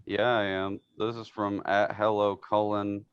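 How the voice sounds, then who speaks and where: Deep-voiced man, casual podcast chat. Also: completely flat delivery, unhurried, clear, resonant tone, no room sound, lo-fi sound. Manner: laughs as he talks, swears freely. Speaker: podcast co-host. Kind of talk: casual chat, describing memes.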